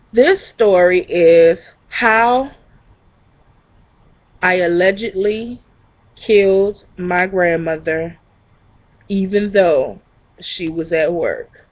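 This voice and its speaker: A young woman vlogger casually telling a story, acting out the people in it with lively voices. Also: medium pitch, highs cut off. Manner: animated, acts out the people in the story.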